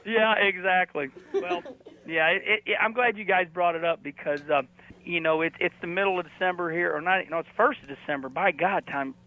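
Brief: high, gravelly male guest, rambling and jokey, heard over a tinny phone line. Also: a little fast. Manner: rambling, jokey, lots of "you know". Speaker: race car driver guest. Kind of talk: casual phone-in chat.

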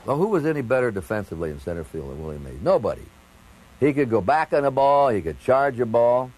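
A man recalling a great ballplayer in an emphatic, animated way. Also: medium pitch, fast, slight background noise, low-quality recording. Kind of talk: reminiscing commentary.

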